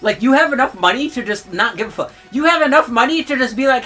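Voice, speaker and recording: A woman's voice: fairly high pitch, expressive, quick pace, few pauses, sharp tone, soft background music. A young adult woman streamer ranting in heated, profane commentary and laughing between outbursts.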